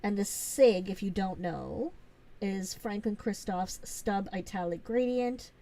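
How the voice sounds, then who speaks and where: A woman's voice: medium pitch, slow pace, mellow. A woman hosting a casual live stream, chatty and gushing, with lots of fillers as she shows things off.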